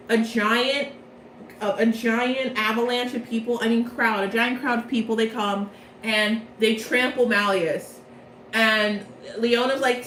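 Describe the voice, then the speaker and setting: A woman's voice: a little high, fairly even intonation, a little slow, a bit bright, a little hiss or hum. A woman giving a casual, rambling recap of a story's plot from memory, cutting in on herself with corrections. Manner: rambling, chatty, self-interrupting. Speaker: vlogger. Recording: echoey room, mic far off.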